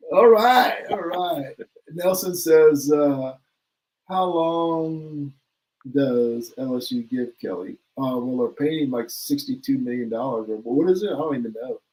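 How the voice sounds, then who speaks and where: A man's voice: mid-range voice, unhurried, darkish tone, poor audio. A man co-hosting a casual sports talk show who jumps between opinions, laughs easily and reads out listener comments. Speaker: podcast co-host.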